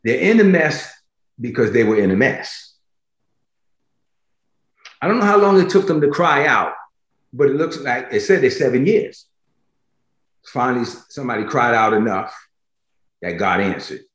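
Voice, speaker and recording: A male preacher delivers a sermon with a lively voice that swoops up and down. He hammers key phrases again and again and keeps checking that his listeners are with him. His voice rings with the echo of a roomy space. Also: medium pitch, normal speed, long pauses. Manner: emphatic, repeats phrases for stress, addresses listeners directly.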